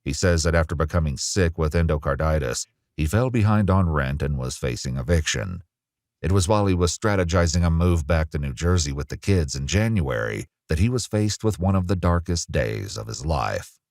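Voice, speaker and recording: A male narrator reading a scripted true crime documentary in a measured, grave manner. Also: extremely low pitch, animated, a little mellow, no echo, clean studio sound.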